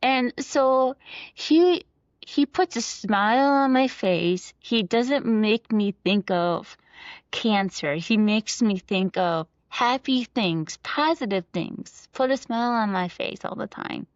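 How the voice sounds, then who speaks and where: A woman's voice: fairly high pitch, expressive, takes it slowly, no echo. A woman in her thirties, an interview guest, talking with emotion and many fillers and restarts. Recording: dull, lo-fi dry recording.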